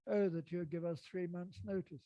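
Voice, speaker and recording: A man's voice: high voice, fairly even intonation, moderate pace, dark tone, dry recording, lo-fi sound, natural voice. A man doing a stammering official. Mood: flustered. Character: flustered male education official.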